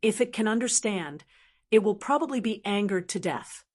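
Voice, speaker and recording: A woman's voice: medium pitch, expressive, normal speed, darkish tone, lightly acted. A woman voicing a wry, amused young male martial hero in an audiobook, speaking in a teasing way. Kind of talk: audiobook character reading.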